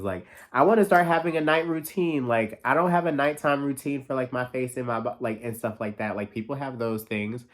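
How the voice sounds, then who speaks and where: Fast-talking man in his thirties. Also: mid-range voice. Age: 30s. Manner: fast, excitable, lots of "like" fillers and swearing. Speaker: podcast host. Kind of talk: casual solo monologue. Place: New York.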